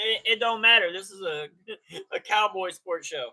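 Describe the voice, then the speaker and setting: A man hosts a loose, casual live stream and keeps greeting his chat by name. His voice sits a little high and sounds bright and forceful. He talks in easy slang. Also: unhurried.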